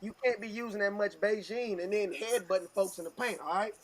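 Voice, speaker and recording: A man's voice: high voice, fairly even intonation, fairly quick. A man co-hosting a podcast, delivering a comedic rant in a punchy rhythm and tagging lines with "okay?" and "all right?". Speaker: podcast co-host.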